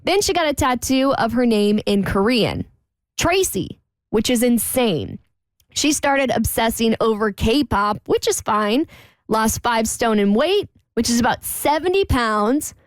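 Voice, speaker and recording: A woman co-hosting a radio talk show, reading a listener's letter aloud in a lively, chatty way. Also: fairly high pitch, a little slow, dry recording. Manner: lively, chatty, laughs between lines.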